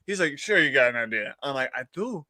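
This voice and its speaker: A man's voice: medium pitch, sing-song, fairly quick, sharp tone, no echo. A man hosting a live-streamed chat show, telling a long rambling story, laughing often and acting out what other people said. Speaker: podcast host.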